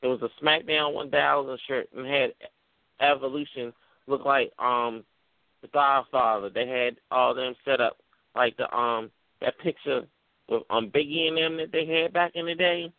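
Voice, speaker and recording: A man's voice: medium pitch, steady tone, normal speed, no echo, narrow, tinny audio. A man co-hosting a casual chat, laid-back and slangy, swearing freely.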